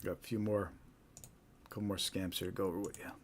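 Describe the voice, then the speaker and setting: A man's voice: low-pitched, flat delivery, a little fast, a little hiss or hum. A man hosting a live stream, talking casually and often asking "right?". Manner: casual, repetitive, tag questions. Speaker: host.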